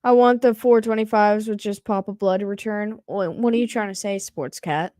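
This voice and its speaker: A woman co-hosting a live game reaction stream, calling plays with excitement and laughing often. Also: medium pitch, normal speed, dry recording. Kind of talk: live play-by-play and casual reaction.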